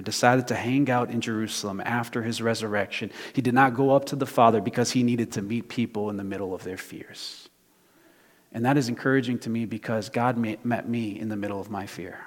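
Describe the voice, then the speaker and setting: A middle-aged pastor preaching a sermon, moving between loud emphatic bursts and hushed low passages, stumbling over restarts and asking the congregation questions. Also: male voice, fairly quick. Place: church sanctuary. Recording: long hall reverb.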